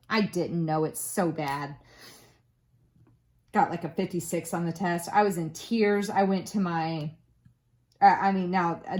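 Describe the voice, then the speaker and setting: A woman's voice: on the low side, a little mellow. A woman in her forties chatting casually in a crafting vlog, rambling through stories with lots of ums and uhs. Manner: rambling storyteller with many fillers. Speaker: crafting vlogger. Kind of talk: casual chat.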